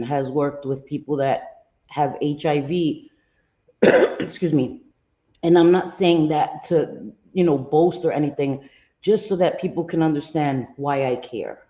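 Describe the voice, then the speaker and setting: A low, mellow-voiced woman hosts a casual livestream, stopping to greet viewers by name as she talks things through with plenty of ums. Her voice comes through a dull, lo-fi line in a roomy space. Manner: earnest, candid commentary. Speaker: livestream host.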